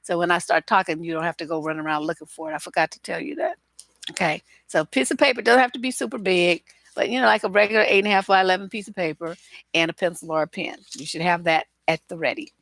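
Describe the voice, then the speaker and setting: A woman relationship coach talking to her viewers in a casual live broadcast, blunt, animated and freely profane. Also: lowish voice, fast talker, creaky, no echo.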